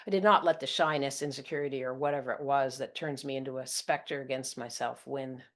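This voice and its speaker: A woman's voice: extremely low pitch, steady tone, fairly quick, fairly bright tone. A woman narrating her own first-person serial story in a blunt, intimate, confessional manner.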